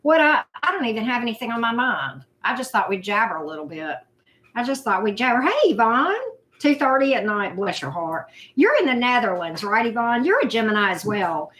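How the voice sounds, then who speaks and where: A woman's voice: fairly high pitch, big pitch swings, fairly quick, fairly bright tone. Chatty woman greeting her chat. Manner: chatty, greets viewers by name, scattered and self-deprecating. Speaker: livestream host. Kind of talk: casual live chat.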